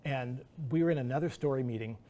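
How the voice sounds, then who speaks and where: A middle-aged man, appearing as guest artist at an artist talk, rambles through anecdotes with restarts and performed quotations. He speaks quickly in a warm, mid-range voice.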